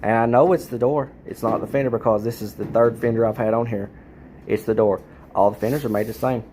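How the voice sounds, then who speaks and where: A man's voice: medium pitch, steady tone, a little fast, mellow, slight background noise. A man, a car restorer, ranting in a frustrated way about bad parts in his garage workshop.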